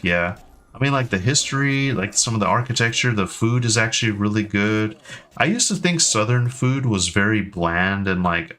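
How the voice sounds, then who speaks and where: This is a thirties-aged man from the United States, chatting loosely on a live stream. His lowish voice sounds pushed and bright, and his talk meanders with plenty of ums and false starts.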